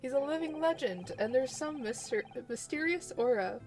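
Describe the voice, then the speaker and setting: A woman's voice: high-pitched, expressive, normal speed, a little mellow, soft background music, pitched above the performer's own voice. A woman voicing an earnest, humble young male student while reading game dialogue aloud on a stream, in a sincere, slightly formal way. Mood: proud.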